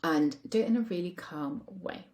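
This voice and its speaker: A woman's voice: lowish voice, animated, normal speed, darkish tone. A woman relationship coach talking casually, chatty with lots of fillers, acting out the voices of people she quotes. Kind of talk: casual talk to camera.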